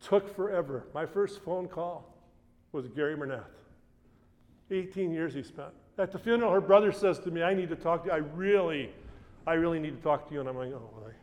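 A middle-aged pastor preaching, his voice sitting a little high for a man. He tells the story conversationally and often restarts his phrases. The long reverb of a church hall trails after each line. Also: fairly quick, darkish tone. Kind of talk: sermon with a personal story.

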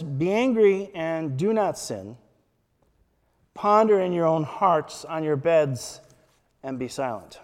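Slow, measured man preaching in a hall. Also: a little high, a little mellow. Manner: slow, measured preaching with emphatic scripture quotes. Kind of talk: sermon.

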